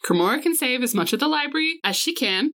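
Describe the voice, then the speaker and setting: A woman's voice: high-pitched, animated, fast, a bit bright. A woman playing a tabletop role-playing game, casually narrating her character's actions and talking in character. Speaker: player.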